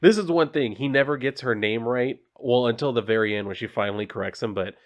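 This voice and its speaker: A man's voice: medium pitch, fast talker. A man casually talking through a comic book page by page, rambling with lots of fillers and blunt personal asides. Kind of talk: casual comic review vlog.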